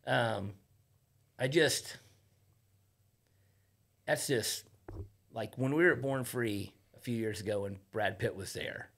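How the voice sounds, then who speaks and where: A man's voice: mid-range voice, slow, vocal fry, long pauses, fairly bright tone. A man on a podcast, talking casually as a guest, swearing freely and acting out quotes as he tells his stories. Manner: loose storyteller, swears freely, acts out quotes. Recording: podcast studio.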